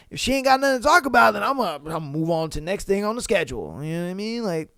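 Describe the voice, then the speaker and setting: Young male podcast host, blunt and profane, high and smooth voice, dry sound. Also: a bit bright, no echo. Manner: blunt, profane, joking, fast talker. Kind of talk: casual chat.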